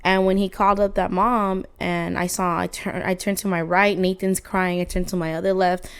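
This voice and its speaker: A woman, a podcast guest, retelling a story in animated casual chat and acting out what she said. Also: fairly low pitch, normal speed, smooth.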